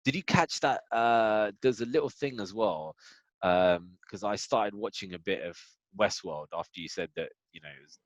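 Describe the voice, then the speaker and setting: A man's voice: lowish voice, moderate pace, no room sound, muffled recording. A man co-hosting a podcast, talking casually and rambling, with lots of fillers. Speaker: podcast co-host. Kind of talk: casual chat.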